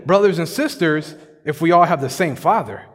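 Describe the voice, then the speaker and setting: Male pastor, high voice, casual and jokey delivery, long church reverb. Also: lively intonation, moderate pace. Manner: conversational, joking, slangy preaching. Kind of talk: sermon. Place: church sanctuary.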